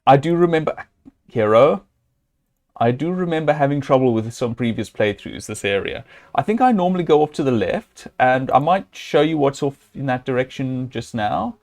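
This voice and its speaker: A man talks through a game on a live stream, working out each move as he goes. His speech is loose and halting, full of "um"s and restarts. Now and then he speaks straight to his viewers or scolds the game's hero. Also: mid-range voice, expressive, darkish tone. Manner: thinking aloud, hesitant, with many fillers and restarts. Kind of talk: live gameplay commentary.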